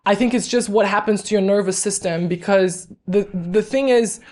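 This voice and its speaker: A woman from Brazil, a podcast guest, telling stories in an animated way and laughing often as she talks. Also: medium pitch, normal speed. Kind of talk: storytelling in a podcast interview.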